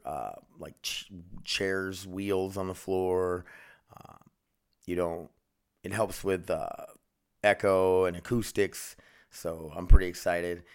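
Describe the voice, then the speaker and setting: A man's voice: low voice, clean tone. Rambling, scattered man hosting a podcast. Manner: scattered, easily sidetracked, swears casually; frustrated, self-deprecating. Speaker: podcast host. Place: home studio room.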